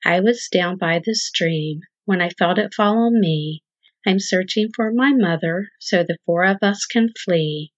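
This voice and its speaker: A woman's voice: on the low side, measured pace, no echo. A woman voicing a frightened little hen chick who talks urgently and anxiously. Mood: alarmed. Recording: dull lo-fi dry recording.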